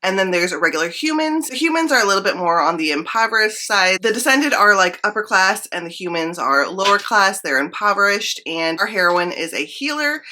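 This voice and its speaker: A woman's voice: medium pitch, expressive, a little fast, hardly any pauses, pushed and bright, a little hiss or hum. A young woman chatting casually and enthusiastically about upcoming books, often saying "like" as she goes. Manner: chatty and enthusiastic, frequent "like" fillers. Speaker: book vlogger. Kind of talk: casual chat.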